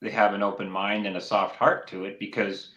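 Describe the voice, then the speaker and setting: A man's voice: lowish voice, a little fast. A man co-hosting a casual faith podcast, talking earnestly and at length, and acting out critics with sudden bursts of energy. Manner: earnest, rambling, animated when mimicking others. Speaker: podcast co-host. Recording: roomy echo.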